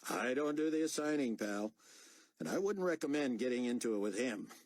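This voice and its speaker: A man's voice: medium pitch, animated, brisk, a little mellow, no echo, pitched above the performer's own voice, natural voice. A man voicing a blunt, clipped, exasperated adult male pilot.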